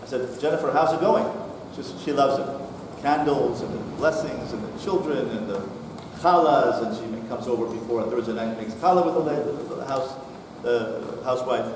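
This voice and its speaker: A man's voice: mid-range voice, normal speed, hardly any pauses, noisy background. A middle-aged man, a rabbi, telling a story to a congregation in a synagogue hall and acting out the dialogue. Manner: animated storyteller, acts out dialogue. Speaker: rabbi giving a talk. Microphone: distant mic, far from the speaker. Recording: echoey hall recorded from far off.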